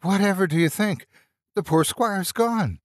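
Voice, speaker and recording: A man's voice: high-pitched, measured pace, no echo, studio quality, pitched above the performer's own voice. A male narrator voicing an agitated, gossipy elderly housekeeper woman in a storybook reading. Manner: breathless, agitated and chattering.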